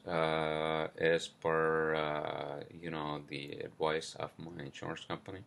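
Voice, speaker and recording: Speaking in a bass voice that's creaky and fairly bright yet barely moves in pitch, the New York podcast host rants solo with fury. He curses freely and his speech stalls on fillers and apologies.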